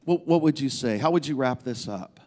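A man's voice: mid-range voice, expressive, brisk, a little mellow. A male pastor preaching a sermon in a conversational, emphatic way, repeating key phrases. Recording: long reverb of a large hall.

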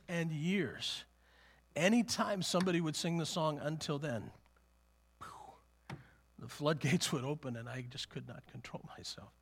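A pastor preaching a sermon in his church, telling a personal story in a halting way, often repeating words and chuckling. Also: a little high, a bit bright, husky.

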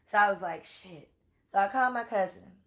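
A woman's voice: mid-range voice, fairly quick, fairly bright tone. A woman from Louisiana with a Louisiana accent, telling a story casually and with salty language while acting out her own quotes. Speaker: vlogger.

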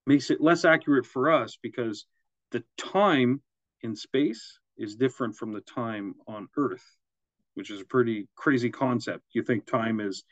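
A man co-hosting a casual business podcast, talking in loose, rambling asides and chuckling at his own jokes. His voice sits at an ordinary middle pitch. The recording is dry and slightly muffled. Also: dry recording. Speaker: podcast co-host. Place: Quebec, Canada.

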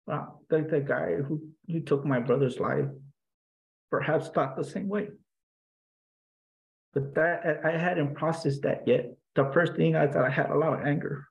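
A man, a guest in an interview, earnestly recounting a personal story in a halting way, with many restarts and fillers. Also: a little high, creaky, lo-fi sound.

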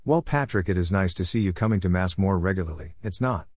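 A man's voice: low-pitched, fast talker, a little mellow, no room sound, clean studio sound. A man voicing a mischievous, teasing old parish priest in a read-aloud story. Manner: teasing, jokey. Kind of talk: storybook character voice.

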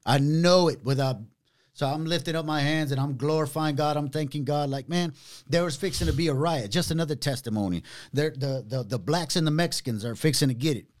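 Middle-aged man, pastor and podcast host, casual animated storyteller. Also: on the high side. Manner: animated storytelling, drawn-out words, casual slang. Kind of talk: conversational testimony.

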